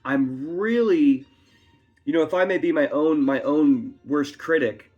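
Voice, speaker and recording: A man's voice: fairly high pitch, a little slow, lo-fi sound. Chatty man reviewing whiskey. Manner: chatty, rambling talker with frequent asides. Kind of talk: casual tasting review. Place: his home. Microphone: camera on a tripod. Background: faint classical music.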